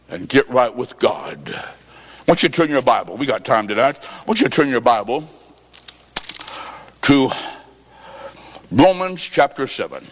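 High-voiced gravelly preacher in a big hall. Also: male voice. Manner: folksy storytelling with quoted dialogue and bursts of shouting. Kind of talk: sermon.

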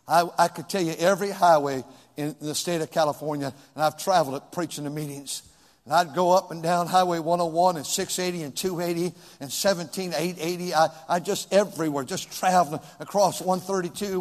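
A male pastor preaching a sermon in a church, swinging from shouts to hushed whispers. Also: fairly high pitch, long reverb tail.

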